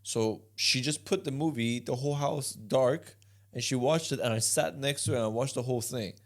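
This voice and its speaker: A young man co-hosting a podcast, talking in a laid-back, drawn-out way in casual chat. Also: medium pitch. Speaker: podcast co-host.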